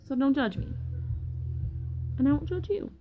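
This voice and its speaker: A woman's voice: high voice, very animated, moderate pace, phone-quality sound, music in the background. Tired young woman rambling, swearing. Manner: rambling and profane, loses her train of thought. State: tired from lack of sleep. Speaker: vlogger. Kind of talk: casual rambling vlog chat.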